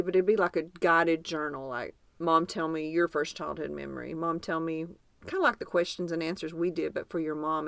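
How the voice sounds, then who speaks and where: A woman with a Southern drawl co-hosts a casual podcast, her low voice carrying a gravelly edge. She talks in a chatty, enthusiastic way, lingering over details. The sound is close and dry, with no room around it. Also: a bit bright, dry recording. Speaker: podcast co-host.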